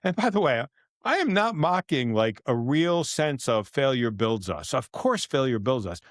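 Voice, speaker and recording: A middle-aged man co-hosting a podcast, talking in a loose, rambling way and laughing often. His voice sits at an ordinary pitch for a man. The sound is dry and close, with no room around it. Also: big pitch swings, normal speed, no echo. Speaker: podcast co-host. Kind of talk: casual podcast chat.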